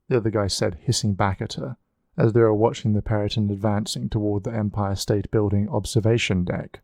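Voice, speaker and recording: A man's voice: lowish voice, no room sound. Man reading an audiobook in a dry room. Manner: even, measured reading. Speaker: audiobook narrator. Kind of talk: scripted narration.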